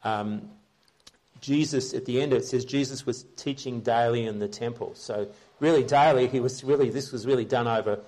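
A man's voice: mid-range voice, moderate pace, warm tone. A man preaching a conversational Bible-teaching sermon, earnestly explaining scripture and checking in with his listeners.

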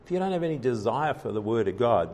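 A man's voice: medium pitch, big pitch swings, fast talker, darkish tone, slight background noise. Earnest man preaching a sermon. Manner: earnest preaching, many fillers and restarts, rising emphasis. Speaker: pastor.

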